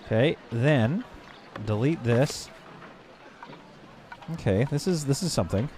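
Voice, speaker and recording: A man's voice: medium pitch, lively intonation, a little mellow, slight background noise. A man live-streaming a game, rambling and joking with his viewers and stumbling through bits of French. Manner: halting, self-correcting stabs at French. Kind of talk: casual live-stream chat while playing.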